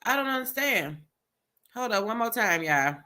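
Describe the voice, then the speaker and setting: A woman's voice: fairly high pitch, animated, normal speed, sharp tone. A woman vlogger giving casual reaction commentary, chatting to viewers with laughs and swearing.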